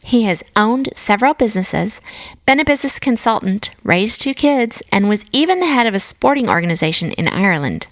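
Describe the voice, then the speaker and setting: A woman's voice: mid-range voice, very animated, fairly quick, no echo. A woman hosting a podcast interview, chatty and upbeat. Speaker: podcast host.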